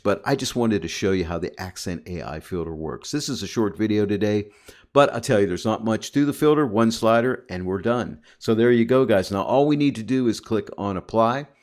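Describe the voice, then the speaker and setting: Upbeat deep-voiced male tutorial host. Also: darkish tone. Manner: upbeat, chatty, addresses viewers as guys. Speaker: photo editing instructor. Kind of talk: screen-recorded software tutorial.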